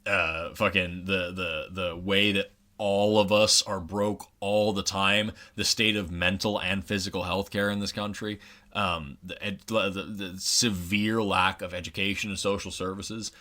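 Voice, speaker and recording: Profane ranting young man, bright tone. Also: sits low, little pitch movement, unhurried. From Oklahoma. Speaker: podcast co-host. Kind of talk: casual ranting chat.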